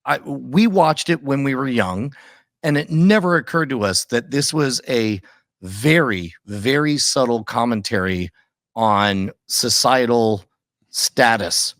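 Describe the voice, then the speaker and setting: A man co-hosting a podcast, reflecting casually and haltingly on an old sitcom. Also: medium pitch, fairly bright tone, dry recording, studio quality. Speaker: podcast co-host. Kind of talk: casual chat about a TV episode.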